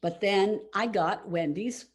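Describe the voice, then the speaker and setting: A woman's voice: mid-range voice, slow, husky. A woman in her seventies telling a heartfelt personal story to all ages at a church service. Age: 70s. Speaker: congregation member telling a children's story.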